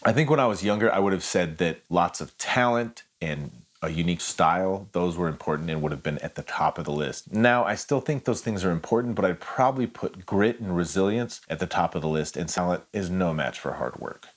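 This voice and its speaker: A man's voice: low voice, fairly quick, hardly any pauses. A man, a singer-songwriter, giving reflective vlog narration in a candid, wry way with plenty of swearing.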